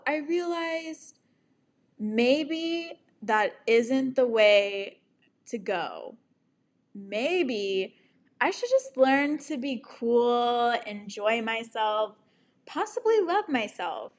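A woman in her twenties talking candidly to camera about her relationships and self-love, frank and profane, laughing at herself. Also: on the high side. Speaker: vlogger. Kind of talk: candid personal storytelling to camera.

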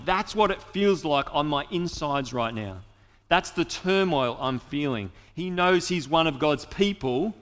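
A man's voice: fairly high pitch, a bit bright. Earnest male preacher in a reverberant hall. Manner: earnest, addresses listeners directly. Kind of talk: sermon.

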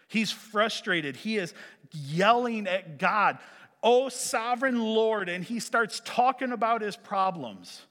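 A male preacher giving a sermon, animated, swinging from loud emphasis to hushed lines. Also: high-pitched, slow pace. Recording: echoey hall.

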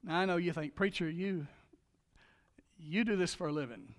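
A man with a high voice preaches a sermon from the pulpit. He surges into loud, driving calls and then sinks to hushed, earnest appeals. His voice rings with the long reverb of a large church hall. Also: normal speed. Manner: dynamic preaching, swings from shouts to hushed appeals. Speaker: pastor.

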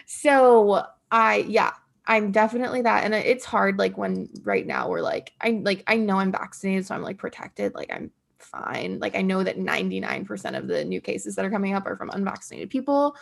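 A woman's voice: mid-range voice, big pitch swings, normal speed, gravelly. A young woman in her twenties, casually chatting and laughing often, talking in a self-deprecating way with many fillers. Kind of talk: casual chat.

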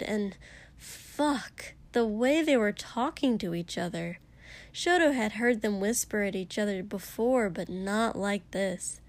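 A woman narrating fiction in a soft, hushed voice, often near a whisper. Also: medium pitch. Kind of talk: audiobook reading of fiction.

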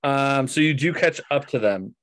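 A man narrating as game master of a tabletop game, relaxed with many fillers. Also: medium pitch, normal speed, slight background noise.

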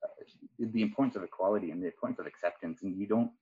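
A man's voice: lowish voice, rapid-fire, dark tone, slightly rough, highs cut off. A man talking in a casual podcast chat, rambling with many fillers and restarts. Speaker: departing guest.

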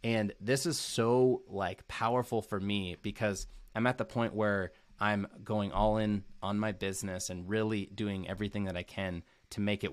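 A man's voice: fairly low pitch, no echo. A young man giving an earnest, casual recap to camera as a motivational coach, often using "like" as a filler and repeating key phrases.

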